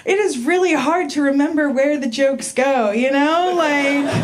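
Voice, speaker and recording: High-voiced woman doing stand-up. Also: a little slow. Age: 40s. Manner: chatty, self-mocking, crude. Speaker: stand-up comedian. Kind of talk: stand-up comedy set. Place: live comedy venue with audience. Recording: live room with crowd noise. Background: audience laughter.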